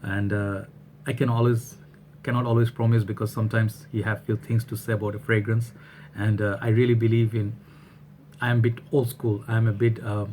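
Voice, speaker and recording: A man's voice: mid-range voice, mellow, slight background noise. A man from Bangladesh, chatting loosely through a product review and often checking in with "all right?". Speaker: fragrance reviewer. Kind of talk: casual product review vlog.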